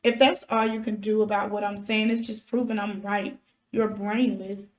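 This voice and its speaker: A woman's voice: mid-range voice, level tone, moderate pace, close to an everyday voice. A woman reading as a snide bully boy. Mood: sneering. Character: snide mocking young boy, bowl-cut bully. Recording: roomy echo.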